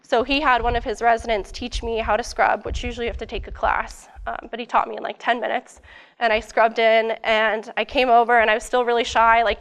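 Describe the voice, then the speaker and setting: Her voice slightly high and smooth, a young adult student presents academic material casually, eagerly, with many fillers. She sounds a bit worn, like her voice is going.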